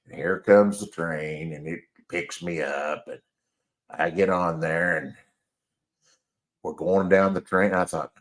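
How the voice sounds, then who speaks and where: A man's voice: deep voice, fairly even intonation, slow, long pauses. An older man telling a personal story in a folksy, self-deprecating way, chuckling as he goes. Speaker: storyteller host. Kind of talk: casual anecdotal storytelling.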